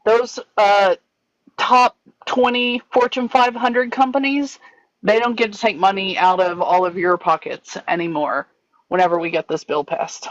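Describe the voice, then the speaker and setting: A woman's voice: mid-range voice, steady tone, a little slow, no echo. A woman advocating for pharmacists in casual chat, earnest and chatty with many fillers. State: hiccups. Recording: dull, dry lo-fi sound.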